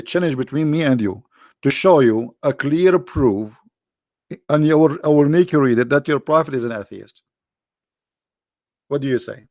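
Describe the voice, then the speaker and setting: A man hosts a live call-in debate, mocking and sarcastic, with his voice worn out after hours of talking. His tone is dark and gravelly, and the sound is dry and close. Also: mid-range voice, no room sound. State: tired, worn-out voice.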